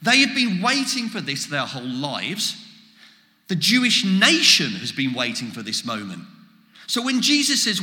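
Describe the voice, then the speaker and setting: A man preaching a sermon, animated, acting out quoted exchanges as he goes. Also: high voice, normal speed. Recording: echoey hall with long reverb.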